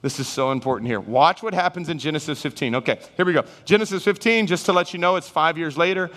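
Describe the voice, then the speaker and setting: A man preaching a sermon, animated, acting out Bible figures and his listeners in raised voices. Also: fairly high pitch, fast. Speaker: pastor. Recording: reverberant hall sound.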